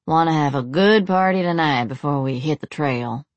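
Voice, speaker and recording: A woman's voice: sits low, moderate pace, no room sound, dull audio, close to an everyday voice. A woman voicing a crude, slightly drunk male cowboy gunman with a boorish, lightly slurred drawl. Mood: leering.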